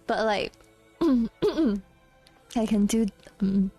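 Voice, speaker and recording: A woman's voice: fairly high pitch, expressive, extremely slow, dark tone, breathy edge, faint music behind. A young woman streamer chatting casually with viewers, reading out chat, giggling often and a little self-conscious.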